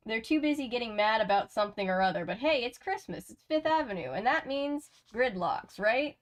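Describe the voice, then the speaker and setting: A woman's voice: on the high side, animated, brisk, close to an everyday voice. A woman reading as a chatty cab driver. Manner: gabbing, easygoing, friendly. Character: chatty talkative male city cab driver.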